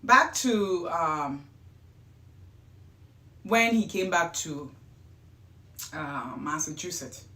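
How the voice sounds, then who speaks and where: A woman hosting a show, telling a true-life story in a chatty, rambling way with excited bursts. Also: on the low side. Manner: chatty, wandering asides, gets louder and excited at times. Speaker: host. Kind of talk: casual storytelling. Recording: roomy echo.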